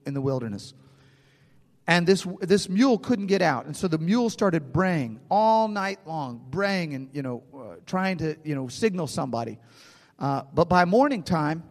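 A man's voice: on the high side, big-room sound. A man preaching a sermon in a conversational way, often restarting phrases and checking in with his listeners. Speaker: pastor.

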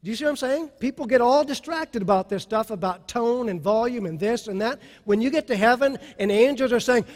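A male pastor preaching a sermon with passion, dropping soft and then rising to loud. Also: very high voice, brisk, hardly any pauses, in a large hall.

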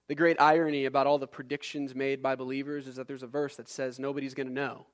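A man's voice: medium pitch, flat delivery, fast, few pauses. A man preaching a sermon, reading scripture and building intensity through repeated phrases. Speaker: pastor.

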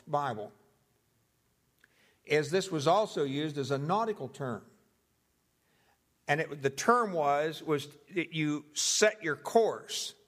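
A young man preaching, teaching through a Bible passage in a measured, deliberate way and going through its translations one by one. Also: a little high, a bit bright, big-room sound. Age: young adult. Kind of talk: expository Bible sermon.

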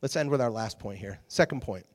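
A man giving a casual sermon, telling a story with lively acted-out quotes to a youth audience. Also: on the low side, fairly quick. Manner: animated storyteller, acts out quotes. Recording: long hall reverb.

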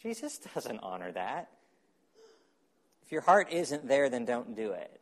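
A man preaching a sermon as pastor, animated, acting out quotes and dropping to quiet asides. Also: medium pitch, unhurried.

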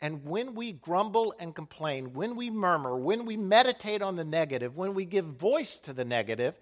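Animated male preacher with lively pitch. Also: normal speed, hardly any pauses. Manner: animated preaching with dramatic dips to a quiet voice; acts out complaining people in a muttering voice. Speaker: pastor. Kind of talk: sermon.

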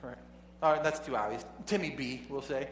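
A man's voice: medium pitch, a little fast. A man preaching a sermon, reading scripture and then telling a classroom story in a conversational way, with chuckling asides and frequent restarts. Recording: echoey hall with faint hum.

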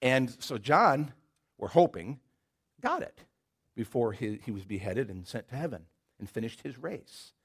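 Lively middle-aged male pastor preaching. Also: mid-range voice, a little slow, slightly rough. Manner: animated storytelling, repeats words as he builds. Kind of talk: sermon.

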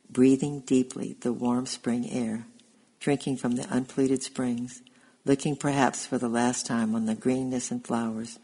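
A man narrating a historical story aloud in a steady, even reading. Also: mid-range voice, vocal fry, breathy edge, rough recording.

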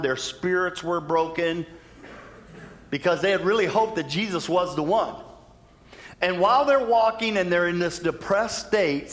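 A male pastor preaching a sermon in a church, telling the story in an animated way and changing his pace for emphasis. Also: a little high. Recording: long church reverb.

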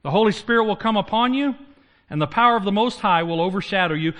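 Delivering a sermon, this male pastor speaks quickly in a high voice. His retelling of Bible stories is lively, and he plays the characters for laughs.

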